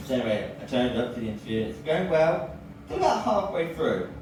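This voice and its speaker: An English man tells stand-up stories with a lively, swooping delivery. He is heard from a distance in a very echoey club, with noticeable background noise throughout. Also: mid-range voice, fast. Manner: lively storytelling, bursts into loud cries. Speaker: stand-up comedian. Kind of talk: stand-up set. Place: comedy club with audience. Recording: echoey room from far off, audible noise.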